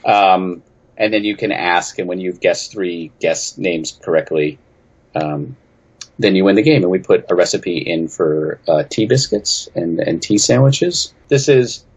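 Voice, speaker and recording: A man from New England with a very low, husky voice talks through interview questions as a game designer guest. He is chatty and snarky and pokes fun at himself. The audio is a little dull and lo-fi. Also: a little slow. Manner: chatty, self-deprecating, snarky. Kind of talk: casual interview answers.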